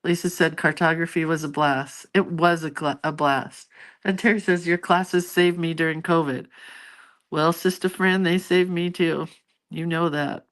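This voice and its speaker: A woman's voice: deep voice, steady tone, moderate pace, fairly bright tone. A middle-aged woman hosting a casual live stream, chatting with her viewers and reading out their comments in a rambling, familiar way.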